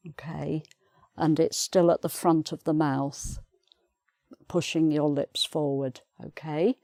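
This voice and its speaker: A British woman teaches pronunciation at an unhurried pace, her voice sitting a little low. She repeats each example word carefully and patiently. The sound is dry and close, with no room echo. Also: level tone, warm tone. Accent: British English. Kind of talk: pronunciation lesson.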